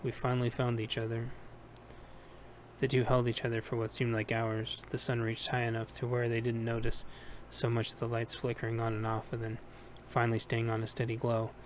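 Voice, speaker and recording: Male audiobook narrator, even monotone reading, light hiss in the recording. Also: medium pitch, brisk, few pauses. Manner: steady, plain reading with small self-corrections. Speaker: audiobook reader.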